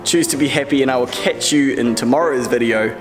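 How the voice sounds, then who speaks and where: A man talking casually to camera as a car audio vlogger, relaxed and rambling. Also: medium pitch, fairly quick, in a large hall, music in the background. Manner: relaxed, rambling, chatty with viewers.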